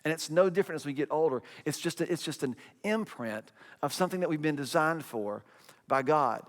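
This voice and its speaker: Middle-aged guy preaching, kinda high voice, lots of repeated phrases, big hall echo. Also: fairly quick. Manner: conversational preaching with repeated phrases and acted quotes. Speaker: pastor. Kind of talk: sermon.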